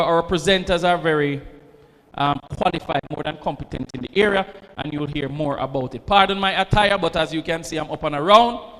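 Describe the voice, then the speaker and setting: Man addressing a hall. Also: sits high. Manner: chatty and informal, promises and jokes. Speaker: event organizer. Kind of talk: welcoming address to students. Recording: reverberant hall, faint ambient noise.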